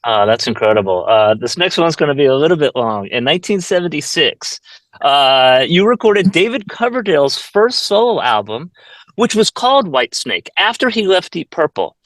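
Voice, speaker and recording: A man's voice: a little high, very animated, normal speed, fairly bright tone, no echo. A man hosting a music talk show who reads long, detailed questions to his guest. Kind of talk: scripted interview questions.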